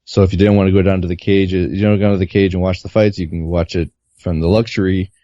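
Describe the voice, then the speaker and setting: A man recounting his experience as a reporter in a casual podcast chat, relaxed and rambling with lots of fillers. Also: low-pitched, fast talker, dry recording. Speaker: guest reporter. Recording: muffled, dull lo-fi audio.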